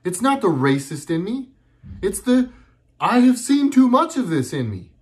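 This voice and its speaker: A man's voice: high-pitched, very animated, a little slow. A middle-aged man talking at home in a casual monologue, earnest and rambling, often stopping and restarting his sentences. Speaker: video blogger.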